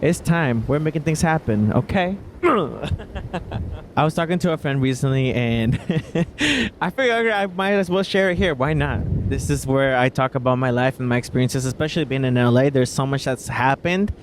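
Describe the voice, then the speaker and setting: A man, a singer-songwriter and podcast host, tells casual stories in an expressive way, laughing often and calling the listener baby. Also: medium pitch, normal speed, a little hiss or hum. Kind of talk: casual storytelling monologue. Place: Los Angeles, indoors.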